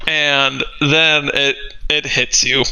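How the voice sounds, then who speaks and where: A young man narrating a tabletop game as game master, animated and profane. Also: mid-range voice, takes it slowly, clear, resonant tone, rough recording. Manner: animated, profane, laughing storyteller.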